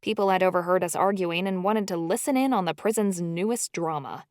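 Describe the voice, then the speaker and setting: A woman narrating a first-person audiobook in an expressive, emotional storytelling style. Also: fairly low pitch, fairly quick, no room sound, clean studio sound.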